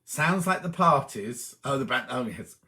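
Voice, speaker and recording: Chatty man with a bright voice. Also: mid-range voice, lively intonation, unhurried. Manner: chatty, cheery, reads comments aloud and chats back to them. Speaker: host reading viewer comments on a live stream. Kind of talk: casual live chat.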